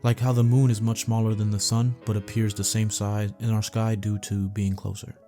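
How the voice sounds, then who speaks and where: Low, mellow man reading a bedtime story. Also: normal speed. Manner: steady, low-key first-person storytelling. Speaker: narrator. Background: faint background music.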